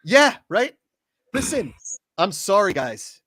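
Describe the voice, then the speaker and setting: A man's voice: high voice, sing-song, slow, fairly bright tone, no echo, clean studio sound. A man co-hosting a sports talk show, ranting animatedly and swearing now and then. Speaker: podcast co-host. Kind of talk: casual sports chat.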